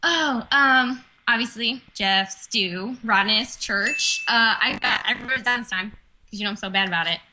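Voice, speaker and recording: Bright giggly young woman caller. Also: on the high side, unhurried, a little hiss or hum, poor audio. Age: 20s. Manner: giggly, rambling, laughs often. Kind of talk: casual phone-in chat.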